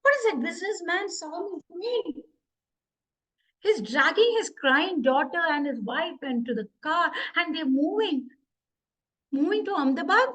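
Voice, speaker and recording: A woman's voice: very high-pitched, lively intonation, moderate pace, fairly bright tone, low-quality recording. A woman, telling a live story and voicing a personified city that laments being abandoned, her voice rising in dramatic outcries. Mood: fearful.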